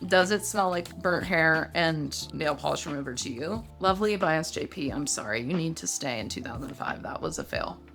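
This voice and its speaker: A woman's voice: medium pitch, fairly bright tone. A woman in her thirties chatting expressively as she reviews perfumes in a casual vlog, reacting aloud as she smells each one. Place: home room with a fan running.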